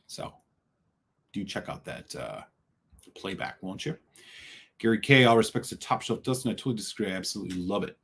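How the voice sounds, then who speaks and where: A man's voice: on the low side, sing-song, a little fast, long pauses, a bit bright, husky. A middle-aged man from the Chicago area hosting a live stream, reading out viewers' chat messages and greeting each of them by name in an upbeat way. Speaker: host.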